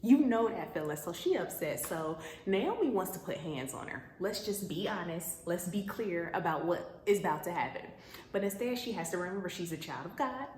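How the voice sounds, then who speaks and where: Animated slangy woman podcast host. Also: fairly low pitch, moderate pace, roomy sound, a little hiss or hum. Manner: animated, slangy, laughing asides. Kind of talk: comic Bible-story retelling.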